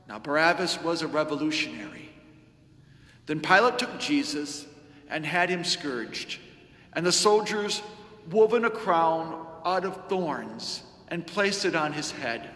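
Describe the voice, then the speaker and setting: A man serving as lector, giving a measured, solemn liturgical scripture reading in a church. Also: a little high, bright, forceful tone. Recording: echoey church with long reverb.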